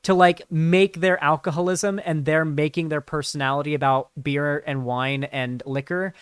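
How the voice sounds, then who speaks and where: A male streamer gives casual live commentary, rambling and swearing and packing his speech with fillers. His voice sits a touch high and sounds smooth and resonant. The recording is close and dry. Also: steady tone, moderate pace, no room sound. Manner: rambling, profane, lots of fillers.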